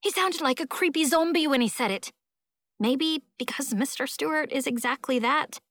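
Expressive woman narrating an audiobook. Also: high-pitched, normal speed, no room sound, studio quality. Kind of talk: first-person audiobook narration.

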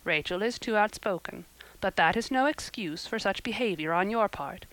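Woman reading as a stern middle-aged guardian, dry, reproving, mid-pitched, close dry sound. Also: expressive, normal speed, fairly bright tone, dry recording, close to an everyday voice, low-quality recording. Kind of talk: audiobook character reading.

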